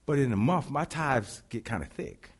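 A male pastor preaching a sermon, animated and confiding, talking straight to the congregation. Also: medium pitch, moderate pace, husky.

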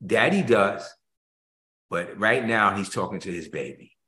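An older man, a pastor, preaching an emotional sermon that swings between hushed tones and loud emphasis. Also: on the low side, lively intonation, a little slow. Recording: echoey room.

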